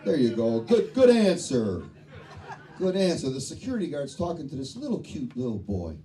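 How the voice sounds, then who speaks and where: A middle-aged man performs a stand-up comedy set in a tavern showroom before a live crowd, swearing freely and laughing at his own jokes. His mellow voice runs on the high side with huge pitch swings at normal speed. The live bar recording is distant and noisy.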